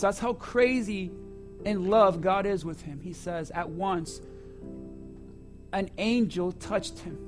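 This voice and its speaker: A man preaching a sermon to his church, swinging between loud emphasis and hushed asides. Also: high-pitched, takes it slowly, pauses often, faint music behind. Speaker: pastor.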